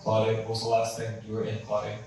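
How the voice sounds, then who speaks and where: A man from New York doing stand-up crowd work, teasing an audience member with quick, wry questions. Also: lowish voice, completely flat delivery, creaky, far from the mic. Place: comedy club stage with audience. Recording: echoey club, heard from afar, loud room noise. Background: audience laughter.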